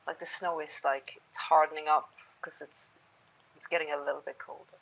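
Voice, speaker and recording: A woman narrating a tabletop game as game master, sometimes dropping to a soft near-whisper. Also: low voice, little pitch movement, normal speed, creaky, a little hiss or hum, low-quality recording.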